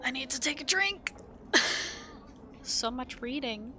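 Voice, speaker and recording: A young woman streaming a game live, chatty and excitable, laughing and reacting to the action. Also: sits high, takes it slowly, slight background noise. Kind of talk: live gameplay commentary.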